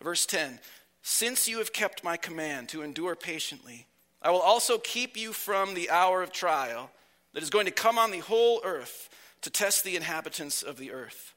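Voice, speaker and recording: A man preaching a sermon with earnest, emphatic delivery and slow drawn-out phrases, his voice a little whiny from being sick. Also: high-pitched, lively intonation, pushed and bright.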